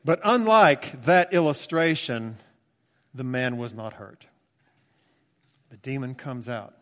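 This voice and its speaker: A man's voice: medium pitch, takes it slowly, fairly bright tone. A man in his sixties preaching a conversational, emphatic sermon with asides in a church. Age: 60s. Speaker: pastor. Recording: long church reverb.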